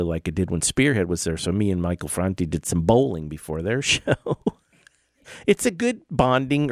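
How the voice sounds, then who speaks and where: A middle-aged podcast host with a voice on the low side, a little mellow, tells laid-back, rambling music stories punctuated by fillers and restarts. It's studio-quality audio without any room sound.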